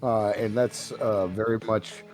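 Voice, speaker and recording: A man who runs the game, chatting casually after the session in a relaxed way with short replies. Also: fairly low pitch, a little slow, soft background music. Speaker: game master. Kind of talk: casual post-session chat.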